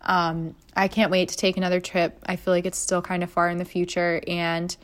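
Animated young woman telling a story. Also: fairly low pitch, normal speed. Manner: animated, acts out voices in quotes. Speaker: podcast host. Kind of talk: casual storytelling monologue.

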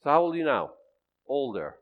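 Heard with phone-quality sound, a pastor in his sixties speaks in a mid-range, sing-song voice, a little fast. He delivers a chatty sermon, putting questions to the congregation and teasing himself.

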